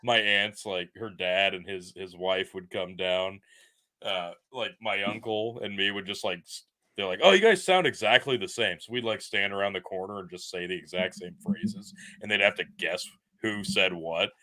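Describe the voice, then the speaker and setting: A man's voice: low voice, level tone, moderate pace, bright, forceful tone. A man co-hosting a livestreamed podcast, telling a story in a sarcastic, profane, casual way. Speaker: podcast co-host. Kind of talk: casual banter.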